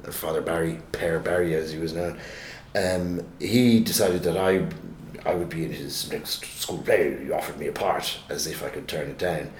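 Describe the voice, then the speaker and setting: A man's voice: low-pitched, slight background noise. A man telling a story in casual conversation, rambling and self-mocking, with many restarts. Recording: roomy echo.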